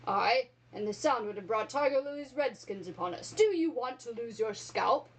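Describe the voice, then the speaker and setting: A woman's voice: fairly high pitch, animated, normal speed, rough recording. A woman doing a menacing pirate captain. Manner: dark, threatening. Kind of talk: storybook read-aloud.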